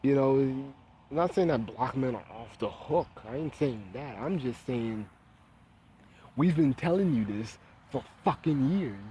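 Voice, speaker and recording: A man vlogging his opinions with a mellow, warm tone. He rants bluntly and curses freely. He speaks at a middle pitch with a heated, unfiltered edge. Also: a little hiss or hum, poor audio. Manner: blunt, profane, heated ranting. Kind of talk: casual opinion monologue.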